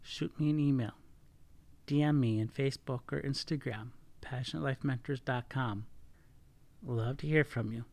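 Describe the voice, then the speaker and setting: A man's voice: medium pitch, normal speed, vocal fry, darkish tone. A middle-aged man hosting a casual solo podcast, talking earnestly and often correcting himself mid-sentence. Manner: earnest, self-correcting, stumbles over words. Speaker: podcast host.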